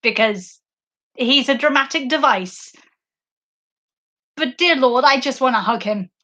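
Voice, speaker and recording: Slow-talking, emotional woman podcaster. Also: sits high, expressive, sharp tone. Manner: effusive and emotional, with frequent laughs and fillers. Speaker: podcast host. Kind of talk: casual livestream book discussion.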